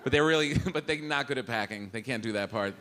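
A middle-aged man performing a live stand-up routine, animated, acting out the voices of his family. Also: medium pitch, fast. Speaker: stand-up comedian. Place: comedy club stage. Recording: live club with audible room noise.

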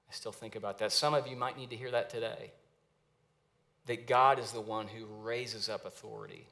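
A young man, a pastor, preaching a sermon with earnest, emphatic rises and pauses. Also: on the low side, steady tone, vocal fry, sharp tone. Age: young adult.

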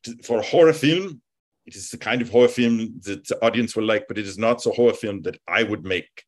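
A man doing an impression of a famous film director, speaking in formal, deliberate and grandly earnest sentences. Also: fairly low pitch, natural voice. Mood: solemn. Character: famous older male film director, grave and solemn.

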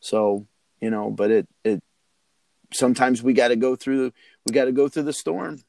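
Male host, rambling earnest pep-talk manner, some fry in the voice. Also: medium pitch, steady tone, normal speed, mellow, dry recording. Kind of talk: casual chat.

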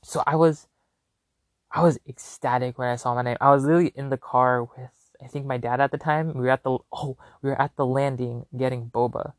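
A young man hosting a podcast, telling a long story in a casual, animated and rambling way with lots of fillers. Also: mid-range voice, a little fast, no room sound. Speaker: podcast host.

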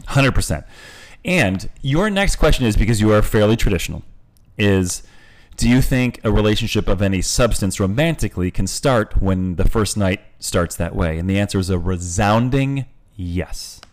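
Male podcast host, 40s, low-ish voice, candid, joking, a bit profane. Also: expressive, normal speed. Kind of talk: casual podcast chat.

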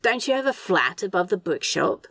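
A woman reading aloud and voicing a dramatic, paranoid male demon who yells indignantly. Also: mid-range voice, very animated, normal speed, gravelly, dry recording, clean studio sound, full character voice. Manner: theatrical, indignant yelling.

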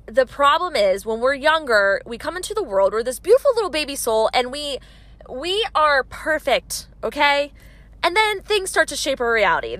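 A woman's voice: sits high, a bit bright, no echo. A woman in her thirties hosting a motivational monologue, passionate and emphatic, repeating her key points. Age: 30s. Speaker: podcast host.

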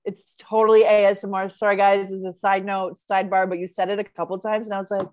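A woman's voice: medium pitch, level tone, fast talker, a little mellow, no echo. A woman hosting a podcast, chatting enthusiastically and casually with lots of fillers and giggles. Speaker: podcast host.

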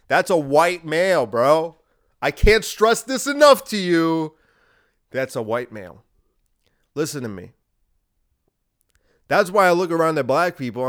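A young man hosting a podcast, delivering a heated, combative monologue that swings between loud and quiet. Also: on the high side. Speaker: podcast host. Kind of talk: ranting monologue.

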